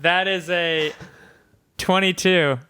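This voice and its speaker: A man playing a tabletop game, describing his character's actions in a playful, drawn-out way. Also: high voice, steady tone, sharp tone, a little hiss or hum. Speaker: player.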